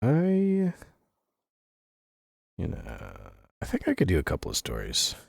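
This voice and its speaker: A man's voice: low voice, wildly swooping pitch, takes it slowly, gravelly, darkish tone, slightly rough, no echo, studio quality. A man streaming a game, chatting casually with viewers and reading out their messages, laughing often and swearing casually, with lots of fillers. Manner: rambling, with fillers and self-corrections.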